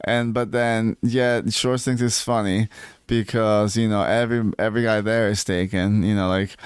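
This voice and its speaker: A man co-hosting a podcast in casual chat, animated and swearing, mimicking people he talks about. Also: lowish voice, moderate pace, smooth, dry recording. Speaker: podcast co-host.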